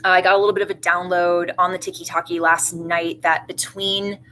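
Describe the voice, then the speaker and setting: Woman tarot reader, lowish bright voice, earnest, rambly, faint hum behind. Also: little pitch movement, brisk, rough recording. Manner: earnest and emotional, rambling with restarts. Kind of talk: casual spiritual reading.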